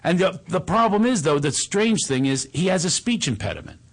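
A man's voice: sits high, fairly quick. A middle-aged man hosting a radio show as a comedian, telling joking stories in casual chat. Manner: joking, animated storyteller.

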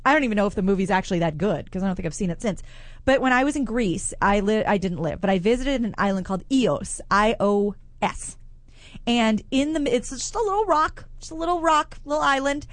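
A woman co-hosting a radio show, telling stories in animated, blunt and crude casual banter. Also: medium pitch, a little fast, dry recording. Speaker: radio co-host. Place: radio broadcast from a shopping promenade.

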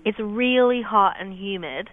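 A woman's voice: mid-range voice, a little slow. Joking woman on a tinny phone line. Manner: joking, laughs often. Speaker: guest actress on the phone. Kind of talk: casual phone interview. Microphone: telephone.

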